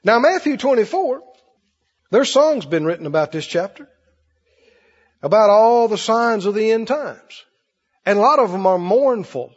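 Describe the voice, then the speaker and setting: A man preaching a sermon in an animated way, slipping into mocking put-on voices. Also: high-pitched, measured pace, pauses often, breathy edge. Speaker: pastor. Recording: dull recording in a reverberant hall.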